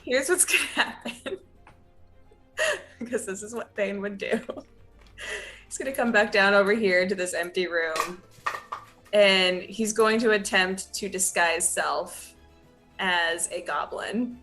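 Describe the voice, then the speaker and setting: A woman playing a tabletop game, her voice bright and forceful. She talks in a playful, casual way and laughs easily. Faint music plays behind her. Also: medium pitch, fairly even intonation, takes it slowly, long pauses. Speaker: player.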